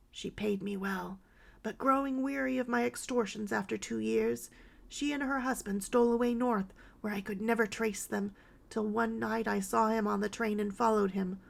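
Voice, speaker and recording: A woman reading as a dying woman in her fifties, begging for prayer and confessing an old wrong. The voice is gravelly and breaks upward when pleading, as in a storybook audiobook. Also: mid-range voice.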